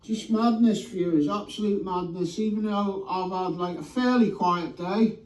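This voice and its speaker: A man's voice: high voice, a little slow, darkish tone, echoey room, recorded from a distance, poor audio. A man addressing his viewers with enthusiasm, out in a field. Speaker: vlog host.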